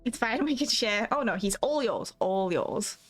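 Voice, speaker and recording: A woman's voice: mid-range voice, expressive, moderate pace, breathy edge, faint music behind. A woman with an Australian accent, slightly Americanized, chatting casually with her live chat as a streamer, rambling and giggling.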